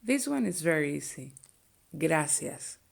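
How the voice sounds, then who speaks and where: A young woman whose first language is Spanish teaches everyday phrases at a very slow, deliberate pace. Her voice is low and gravelly with strong fry, and she repeats every example patiently so a learner can follow. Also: very animated.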